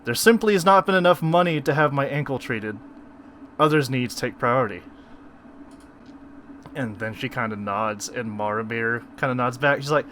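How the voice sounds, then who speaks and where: A man narrating a tabletop game as game master, animated and often laughing. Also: medium pitch, moderate pace, pauses often.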